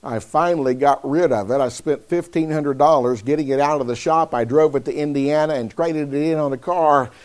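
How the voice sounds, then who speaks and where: A man preaching a sermon, speaking deliberately and calling on listeners by name. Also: fairly high pitch, darkish tone.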